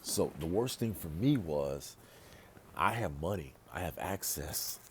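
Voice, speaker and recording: Super deep voiced guy vlogging at home, rambly and emphatic, says stuff over and over, slight background hiss. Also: expressive, a little slow. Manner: emphatic, repeats phrases for stress; rambling, with restarts and asides. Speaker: pastor and vlogger. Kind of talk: casual monologue vlog.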